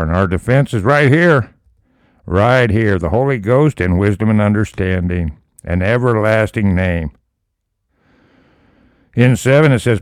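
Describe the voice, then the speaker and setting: A low-voiced man reads scripture at an unhurried, deliberate pace, then jumps into emphatic commentary. His voice is smooth and clear, recorded dry and close. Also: dry recording. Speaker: Bible study teacher. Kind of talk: preaching Bible commentary.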